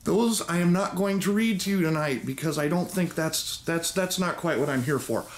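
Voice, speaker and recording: A man's voice: fairly high pitch, lively intonation, unhurried, slight background noise. A man hosting a video and reading an old children's story aloud with wry, theatrical asides. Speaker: YouTube host. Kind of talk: joking story-time reading.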